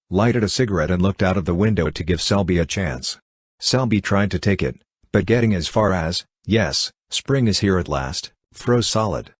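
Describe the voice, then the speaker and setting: A man narrating a classic novel as an audiobook in a steady, even reading. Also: deep voice, breathy edge, no echo. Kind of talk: scripted narration.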